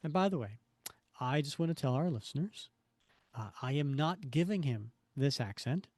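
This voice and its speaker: A man's voice: fairly high pitch, expressive, normal speed, a little mellow, no echo. A man in his fifties co-hosting a podcast, chatting casually and reading comic panels aloud, rambling and correcting himself. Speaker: podcast co-host.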